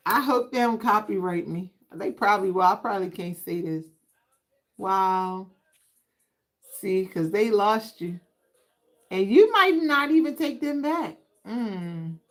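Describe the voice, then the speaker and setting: A woman's voice: mid-range voice, lively intonation, unhurried, long pauses, poor audio. Sassy woman reading tarot live. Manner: chatty, sassy, talks straight to viewers. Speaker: tarot reader. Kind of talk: casual livestream tarot reading.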